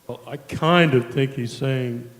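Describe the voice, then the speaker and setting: A man's voice: mid-range voice, a little slow, reverberant, long reverb tail, poor audio. A man in the audience tentatively gives his own reading, hedging that he may have it wrong. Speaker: audience member.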